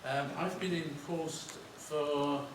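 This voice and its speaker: A man introducing himself as a welfare director and opening an informal presentation, relaxed and hesitant. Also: a little high, slow pace. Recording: roomy hall from far off, noisy.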